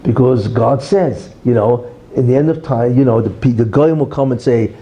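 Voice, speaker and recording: A man's voice: mid-range voice, normal speed, warm tone, rough recording. A man giving a religious lecture as a rabbi, emphatic and full of tag questions like "right?" and "you see". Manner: teaches through a parable, acting out the quarrel in raised voices.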